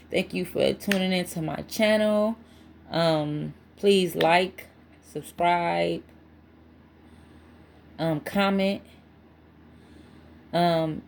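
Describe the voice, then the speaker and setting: A woman's voice: fairly low pitch, vocal fry, darkish tone, a little hiss or hum. A woman giving a casual spiritual tarot reading to her channel, chatty and emphatic, with frequent asides. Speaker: tarot reader.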